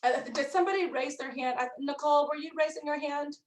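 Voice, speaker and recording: A woman leads her team with an emphatic motivational pep talk, pressing her listeners hard. Her voice sits high, and the room around her rings with echo. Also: fast talker. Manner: emphatic, urging. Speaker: team leader. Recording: roomy echo.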